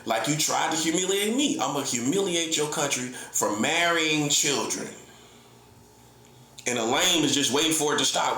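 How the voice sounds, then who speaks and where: A middle-aged man preaches his point in a combative, repetitive monologue, hammering the same lines again and again. His voice sits a little high for a man. The recording is roomy, with a noticeable echo around him. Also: normal speed, bright, forceful tone. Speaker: self-styled prophet. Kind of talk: heated online monologue. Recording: echoey room.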